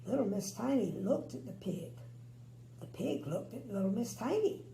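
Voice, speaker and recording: An older grandmother reads a bedtime story slowly and expressively, with chatty asides. Her voice is mellow and a little gravelly, with a lively melody. The room sounds echoey, with a faint hum. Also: fairly high pitch.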